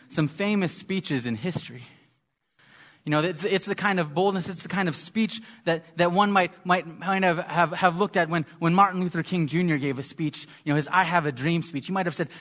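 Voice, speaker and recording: Man, preacher, sermon, halting, repeats words, slightly high voice. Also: fairly bright tone. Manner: halting, repeats words while searching for them.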